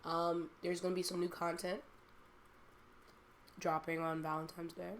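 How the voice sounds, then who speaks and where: A woman's voice: fairly low pitch, level tone, measured pace, a little hiss or hum. A young woman hosting a casual podcast chat, rambling and laughing often. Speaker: streamer and podcast host.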